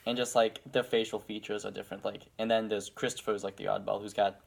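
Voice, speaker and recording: A man's voice: fairly low pitch, flat delivery, quick pace, vocal fry. A young man from Pittsburgh with a Pittsburgh accent, chatting casually as a podcast co-host in a rambling, hesitant way. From Pittsburgh, Pennsylvania. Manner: rambling, hesitant, with many fillers. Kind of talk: casual chat.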